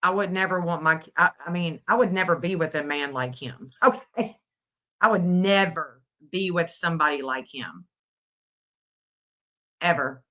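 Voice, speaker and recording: A woman's voice: on the low side, a little slow, fairly bright tone. A middle-aged woman hosting a livestream, giving emotional, scolding commentary and repeating phrases for emphasis.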